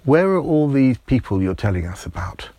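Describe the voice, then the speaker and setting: A man voicing a talking meerkat from Africa who speaks in a calm, matter-of-fact way. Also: mid-range voice, normal speed, dry recording, voice pushed up.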